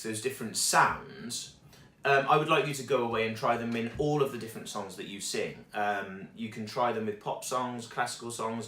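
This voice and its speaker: A man teaching singing, explaining vocal qualities in an encouraging way and checking in with "okay?" after almost every point. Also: medium pitch. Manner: encouraging, says "okay?" often, demonstrates sung phrases. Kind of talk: vocal lesson with sung demonstrations. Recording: echoey room with loud guitar music. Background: guitar accompaniment.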